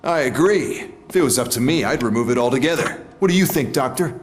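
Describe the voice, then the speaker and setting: A man's voice: mid-range voice, animated, a little fast, a little hiss or hum, close to an everyday voice. An actor playing a callous male scientist, cold and dismissive.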